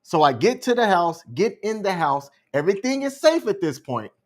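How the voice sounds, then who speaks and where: A man co-hosting a podcast, telling a story in a calm, measured, unhurried way. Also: sits high. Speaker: podcast co-host. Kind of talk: casual storytelling chat.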